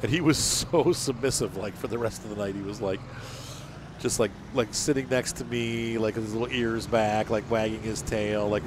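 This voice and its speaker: A man's voice: fairly low pitch, fairly quick, background noise. Chatty man rambling over gameplay. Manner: rambling, chatty, frequent fillers. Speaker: gaming channel host. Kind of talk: casual gameplay commentary.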